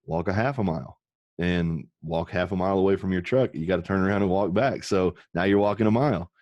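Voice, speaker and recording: A man's voice: deep voice, brisk, a little mellow, dry recording, muffled recording. A man, a podcast guest, telling stories in a candid, earnest way that turns emotional, with casual swearing.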